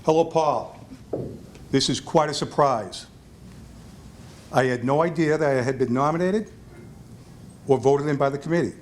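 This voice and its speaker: A man's voice: medium pitch, normal speed, long pauses, a little hiss or hum. A man telling a self-deprecating story in a hall of fame acceptance speech at a restaurant event, acting out the voices of the people in it.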